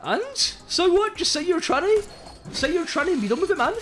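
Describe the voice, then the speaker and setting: A young man from Birmingham with a Birmingham accent, chatting excitably and in slang while streaming a game. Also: very high-pitched, brisk, soft background music. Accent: Birmingham English. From Birmingham, England. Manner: excitable, slangy, many hums of agreement. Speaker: live streamer. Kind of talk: casual gaming stream chat.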